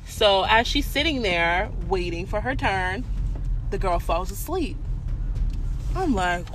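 A woman telling a story in a vlog, blunt and profane, animated in her delivery. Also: medium pitch, takes it slowly, long pauses, noisy background. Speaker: vlogger.

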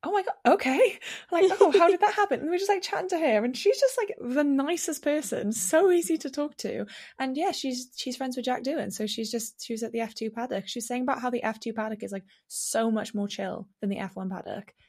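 Animated young woman telling a story. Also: fairly high pitch, a little fast. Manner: animated storytelling, acting out quotes, many fillers. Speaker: podcast co-host. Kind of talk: casual chat.

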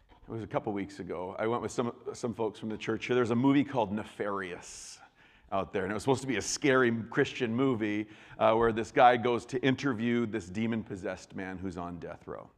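An adult male pastor preaches a sermon in a church, speaking conversationally and often repeating words and restarting. His voice is lowish, his pace normal, and the sound has a long reverb tail.

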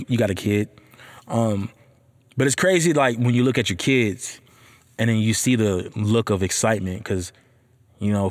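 A man hosting a podcast, telling a story about being a father in a casual chat, profane and heated, ranting with animated energy. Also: medium pitch. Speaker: podcast host.

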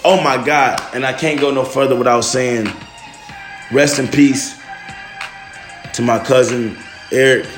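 A man's voice: medium pitch, steady tone, measured pace, long pauses, soft background music. A young man hosting a casual podcast monologue, loose and emotional, full of slang and "man" and "bro". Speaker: podcast host.

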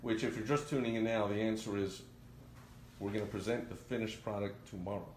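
Man, live show host, wry punning asides, mid-pitch voice, roomy echo, faint noise. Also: steady tone. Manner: wry, quick with puns and asides.

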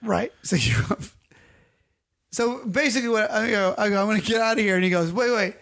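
Guy w a high gravelly voice rambling thru a dumb story on a podcast, keeps repeating himself. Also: animated, brisk, fairly bright tone. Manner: rambling, repeats phrases, acts out quotes. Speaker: podcast co-host. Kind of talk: comedic storytelling chat.

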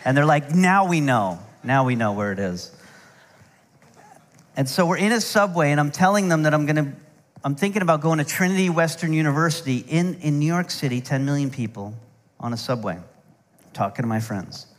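Middle-aged pastor, joking storyteller sermon, lightly raised pitch, reverberant hall. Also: male voice, brisk. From United States. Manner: storytelling with humor and asides.

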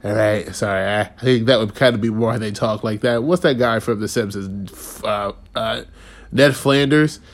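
A man in his thirties ranting in a casual, profane, rambling way, sarcastic and quick to laugh. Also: lowish voice. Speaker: podcast host. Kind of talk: casual rant.

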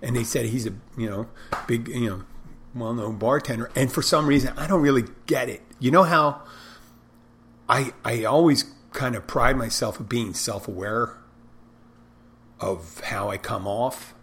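Husky-voiced man rambling loudly. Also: medium pitch, unhurried. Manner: rambling, self-deprecating, loud barking delivery. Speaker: bartender and podcaster. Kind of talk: casual rambling monologue.

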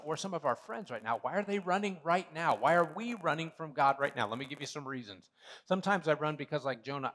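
A male pastor preaching a sermon in a church, animated, with joking asides and big swings from loud to hushed. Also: medium pitch. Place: church sanctuary.

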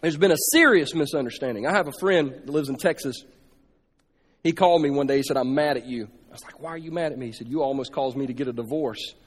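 Man, pastor, sermon, high voice, storytelling, acted-out dialogue, long hall reverb. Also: fast talker, husky. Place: large church hall.

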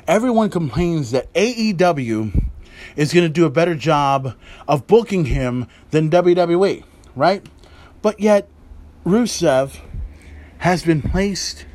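Exasperated and swearing freely, a man rambles through a wrestling rant on his podcast. He has a high voice, with a faint hiss or hum in the audio.

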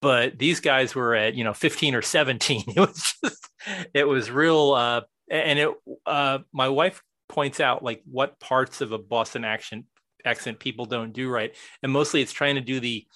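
A man's voice: medium pitch, normal speed, pushed and bright, no room sound. A man chatting as a podcast guest, rambling with many restarts. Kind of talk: casual chat.

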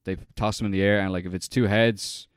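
A man's voice: fairly low pitch, fairly even intonation, brisk, smooth, dry recording, clean studio sound. A young man chatting casually, rambling and swearing with lots of fillers as he recounts a film. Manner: rambling, profane, heavy on fillers. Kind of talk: casual chat.

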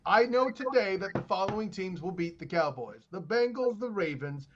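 Sarcastic high-voiced man, lo-fi sound. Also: lively intonation, normal speed, fairly bright tone, a little hiss or hum. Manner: sarcastic, needling. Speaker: sports talk co-host. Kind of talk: heated sports debate.

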